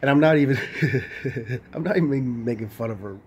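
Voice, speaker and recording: A man's voice: medium pitch, normal speed, a little mellow, a little hiss or hum. A man talking casually into a handheld phone camera, rambling, full of "like" and frequent swearing. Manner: rambling, heavy on "like", swears freely. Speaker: vlogger.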